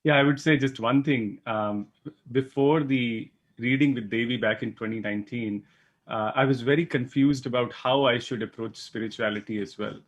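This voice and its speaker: A man speaking as a guest on a live show, sharing a personal testimony in an earnest, halting way. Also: mid-range voice, fairly even intonation, dull audio.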